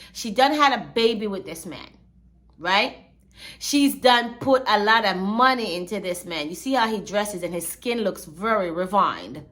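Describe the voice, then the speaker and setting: A woman's voice: a little high, pushed and bright. A woman hosting a commentary channel, talking in a chatty, slangy storytelling way. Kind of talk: casual commentary.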